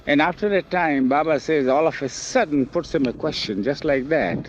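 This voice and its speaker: An older man telling memories in an oral history interview, animated and acting out the quoted speech, recorded outdoors on old film. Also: a little high, normal speed, slight background noise. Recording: dull lo-fi 1970s film audio.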